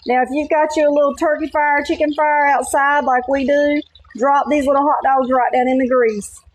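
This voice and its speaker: A woman's voice: high-pitched, steady tone, normal speed. A middle-aged woman with a Southern Carolina accent, hosting a home cooking demonstration in a folksy, chatty way. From North Carolina. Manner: folksy, chatty, keeps saying y'all and okay. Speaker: cooking channel host.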